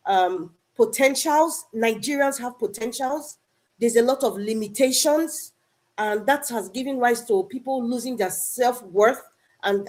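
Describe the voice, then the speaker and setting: Woman, somewhat high pitch, earnest chat-room speaker, addresses people directly. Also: a little mellow. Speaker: online political discussion participant. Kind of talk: live audio room discussion.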